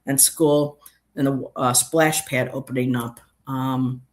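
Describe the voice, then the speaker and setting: A woman's voice: rumbling low, fairly even intonation, takes it slowly. A middle-aged woman hosting a casual livestream, chatting and reading out chat messages with many ums.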